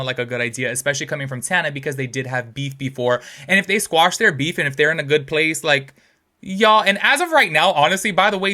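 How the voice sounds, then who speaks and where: A man hosting casual commentary, talking in a chatty, animated way and calling out to his viewers. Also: on the high side. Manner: chatty, animated, heavy use of "like" and "y'all". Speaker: YouTube commentary host.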